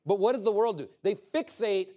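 A man with a fairly high, mellow voice delivers a sermon a little fast. Speaking conversationally and with emphasis, he repeatedly asks rhetorical questions before answering them firmly.

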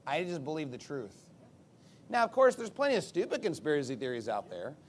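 A man preaching a sermon in an emphatic, combative way, with sarcastic asides and big swings in pitch and loudness. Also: big pitch swings, a little fast, slight background noise.

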